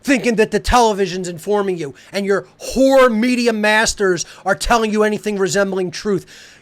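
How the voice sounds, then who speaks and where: A male podcast host delivering an angry, profane monologue, hurling repeated insults and shouting at times. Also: sits high, normal speed.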